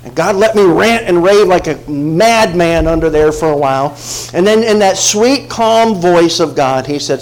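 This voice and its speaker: Man preaching with hushed-to-shouting swings. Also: high-pitched, normal speed, low-quality recording. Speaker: pastor. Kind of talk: sermon.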